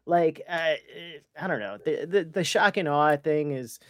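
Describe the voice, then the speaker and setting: A man talking on a podcast in a measured, halting way that trails off. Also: fairly high pitch, animated, a bit bright, dry recording, clean studio sound. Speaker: co-host. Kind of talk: casual podcast chat.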